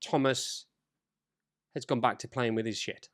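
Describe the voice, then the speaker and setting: Animated man chatting casually. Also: mid-range voice, measured pace. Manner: animated storyteller, swearing, acts out quoted voices. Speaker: podcast co-host. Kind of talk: casual chat.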